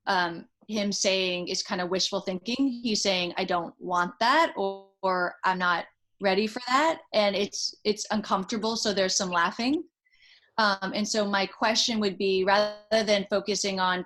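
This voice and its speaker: A woman's voice: medium pitch, fairly bright tone, poor audio. A woman psychologist talks a parent through a problem in a careful, coaching manner. Her voice sits in an ordinary middle register as she chooses her words with care. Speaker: child psychologist advising a parent. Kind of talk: supportive advice.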